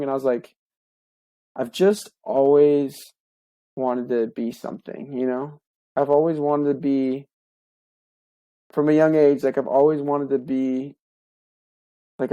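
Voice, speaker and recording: A young man, a podcast co-host, telling a heartfelt personal story in a casual, halting way with many fillers and restarts. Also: mid-range voice, mellow, dry recording.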